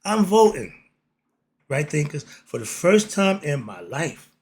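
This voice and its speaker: Blunt streetwise man, husky voice. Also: a little high, sing-song, slow, a little mellow. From United States. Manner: blunt, streetwise, repeats rhetorical "why?". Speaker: commentary channel host. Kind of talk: casual political monologue.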